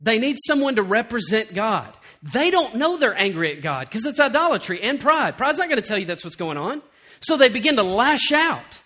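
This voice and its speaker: A middle-aged man preaching with a high, bright, forceful voice. He tells lively stories and acts out the lines of others, then sinks into quiet, earnest emphasis. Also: moderate pace. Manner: animated storytelling, acts out quotes, then drops to quiet earnest tones. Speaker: pastor. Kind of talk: sermon.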